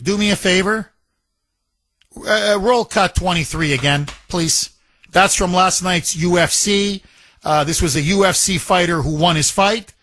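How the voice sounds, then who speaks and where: Brash high-voiced talk radio host man. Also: a bit bright, no echo. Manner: brash, laughing, taunting. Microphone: studio microphone.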